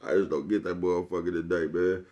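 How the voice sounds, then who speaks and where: His low, mellow voice barely moves in pitch as he speaks fast in a casual vlog rant aimed at the camera. Frequent laughter, slangy profanity and the repeated catchphrase "you know what I'm talking about" give the rant its comedic feel.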